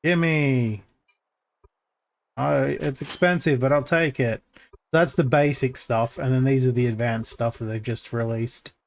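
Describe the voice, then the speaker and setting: Here the streamer rambles through casual gameplay commentary at an unhurried pace and in a steady tone, thinking aloud with many fillers and restarts. Push his voice deep and it becomes crackly.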